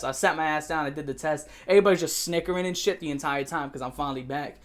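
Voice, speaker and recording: A young man telling a profane storytime rant, brash and boastful, dropping to mutters then shouting. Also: a little high, very fast. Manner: brash, swearing, boastful, swings between mumbling and shouting. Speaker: YouTuber.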